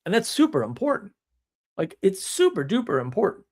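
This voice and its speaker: A man's voice: sits high, wildly swooping pitch, brisk, a little mellow. A man hosting a live stream, talking in a casual monologue that rambles with restarts and chuckles, blunt and wry.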